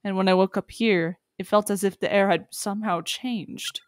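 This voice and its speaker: A woman reading the lines of a calm, formal young man in a measured way. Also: mid-range voice, dry recording, studio quality, close to an everyday voice.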